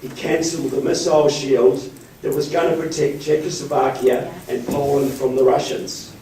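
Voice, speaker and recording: A man's voice: medium pitch, flat delivery, normal speed, mellow, slight background noise. New Zealand man rallying a meeting room. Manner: joking, rallying, often says "folks". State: has a cold. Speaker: guest speaker. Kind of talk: political speech to a meeting. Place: county board meeting room. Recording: echoey room, mic from far.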